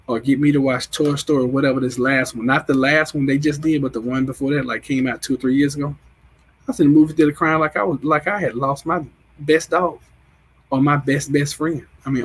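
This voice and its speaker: A man's voice: medium pitch, fairly even intonation, fairly quick, husky, poor audio. A man in his forties hosting a casual live stream, chatty and emotional as he greets viewers and answers their comments. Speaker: livestream host.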